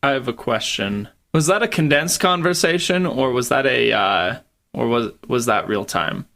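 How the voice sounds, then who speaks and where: A man in a tabletop game with a gravelly, creaky voice at a middle pitch. He asks question after question with open curiosity. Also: lively intonation, moderate pace, a bit bright. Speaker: player. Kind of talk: tabletop role-play.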